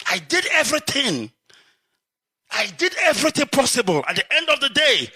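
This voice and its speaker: A middle-aged Nigerian man giving an impassioned live address, swinging from shouts to low, urgent warnings. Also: slightly rough, dry recording. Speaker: activist speaker.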